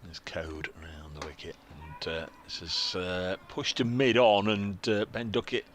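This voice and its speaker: An English man calls the cricket ball by ball in a chatty, self-mocking way. His voice sits slightly low. A soft murmur of crowd and outdoor ambience stays faint behind him in the commentary box. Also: fairly even intonation, unhurried, noisy background. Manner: chatty, self-deprecating, reads out viewer messages.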